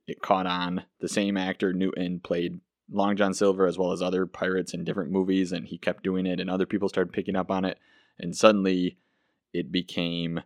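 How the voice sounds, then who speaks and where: A man talking through a solo history podcast in a chatty, enthusiastic way, poking fun at himself now and then. His voice is low and the sound is dry, with no room echo. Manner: chatty and enthusiastic, self-deprecating. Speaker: podcast host.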